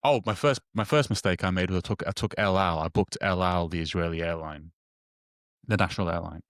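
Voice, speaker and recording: Halting, low-voiced man telling a story. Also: fairly bright tone, no room sound, studio quality. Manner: halting, many restarts and repeated words, acts out quoted dialogue. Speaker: guest telling a personal story. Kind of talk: casual conversational storytelling.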